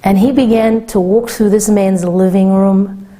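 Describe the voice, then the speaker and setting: A woman rabbanit, telling a story in a Torah talk and acting out the voices of its people. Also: measured pace. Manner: animated storyteller, acting out quoted voices with big pitch jumps.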